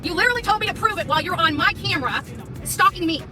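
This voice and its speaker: A very high-voiced woman rants quickly and combatively from her car, repeating her taunts. She sits a little back from the phone, and clear music plays behind her. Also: expressive, distant mic. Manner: heated, confrontational, repeats taunts. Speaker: live streamer. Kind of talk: angry live-stream rant and confrontation. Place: in a car in traffic.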